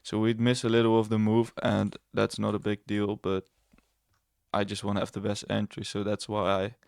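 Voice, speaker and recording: A man's voice: on the low side, monotone, normal speed, vocal fry, a little mellow, clear, resonant tone, no echo, studio quality. A young man casually walking through his trades on screen, rambling and correcting himself, blunt and a bit sarcastic. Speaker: trading educator. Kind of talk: casual screen-share trading walkthrough.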